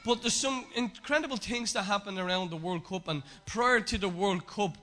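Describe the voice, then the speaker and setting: A man's voice: high-pitched, normal speed, bright, forceful tone. A man, a pastor, preaching a sermon with emphatic repetition and frequent fillers.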